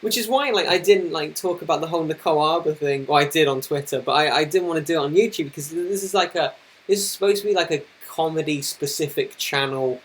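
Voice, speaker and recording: A man's voice: fairly high pitch, fast talker, husky. Flustered, apologetic young man live streaming. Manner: flustered, apologetic, rambling with many restarts. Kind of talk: casual live-stream chat. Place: indoors at his computer. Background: noisy laptop fan.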